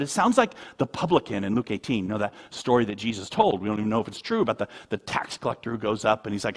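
A man preaching a sermon, moving from quiet asides to loud, high-pitched emphasis. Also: lively intonation, fast, hardly any pauses, breathy edge. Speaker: pastor.

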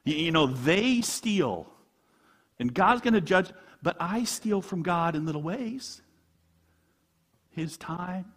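A man's voice: high-pitched, lively intonation, slow, pauses often, a bit bright, in a large hall. A man preaching a conversational sermon as a pastor, asking rhetorical questions and chuckling often.

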